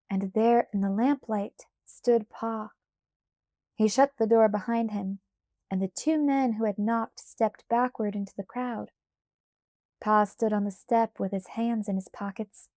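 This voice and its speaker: A woman narrating a children's storybook aloud, in a measured, gentle way. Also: mid-range voice, fairly even intonation, no room sound, studio quality. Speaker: audiobook narrator.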